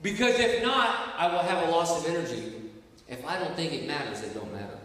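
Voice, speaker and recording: A man preaching to a recovery group, impassioned, dropping low and hushed then rising loud. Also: animated, fairly quick. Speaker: recovery ministry speaker. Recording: echoey hall, mic from far off.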